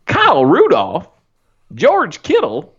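A man's voice: high voice, wildly swooping pitch, slow pace, a bit bright, slightly rough, heavily acted. A man putting on an exaggerated Southern accent to recite names, playful and goofy, on a podcast. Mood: goofy drawl. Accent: Southern US put-on. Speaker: podcast co-host. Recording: dull lo-fi sound.

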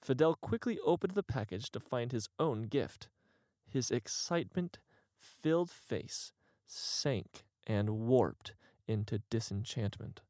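A man narrating an absurd comic story in a mock-grand, deadpan manner. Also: mid-range voice, takes it slowly, no room sound, clean studio sound.

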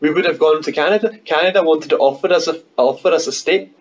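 A man's voice: a little high, fast talker, slight background noise, poor audio. A young man with a Scottish accent, a podcast guest chatting in a laid-back, joking way and laughing a lot. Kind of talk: casual chat.

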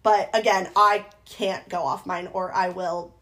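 A woman's voice: lowish voice, fairly even intonation, a little slow, a bit bright. A young woman co-hosting a podcast, talking frankly and teasingly, swearing casually. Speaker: podcast co-host. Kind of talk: casual chat.

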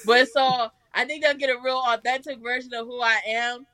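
A woman's voice: on the high side, steady tone, moderate pace, sharp tone, no echo. A woman musician, a guest on a podcast, talking casually in a playful, slangy, teasing way. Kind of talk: casual interview chat.

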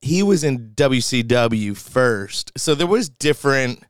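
A man's voice: mid-range voice, animated, slow pace, smooth, no echo, clean studio sound. A man co-hosting a podcast in loose, profane, laughing casual chat. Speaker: podcast co-host.

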